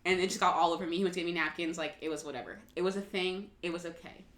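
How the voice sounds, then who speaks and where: Fast-talking woman in a roomy space. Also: lowish voice, steady tone, fairly bright tone. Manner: quick, chatty, offhand anecdotes. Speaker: podcast co-host. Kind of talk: casual chat. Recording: roomy with faint background noise.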